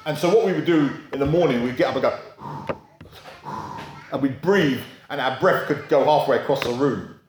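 A man's voice: moderate pace, long pauses, slight background noise. Man, preacher, conversational sermon, rhetorical questions, roomy echo. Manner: acts out quoted voices in a high pitch.

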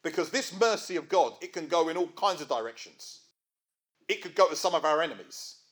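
Conversational preacher, fairly high voice. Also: male voice, expressive, fairly quick. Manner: conversational, asks the audience rhetorical questions. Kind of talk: sermon.

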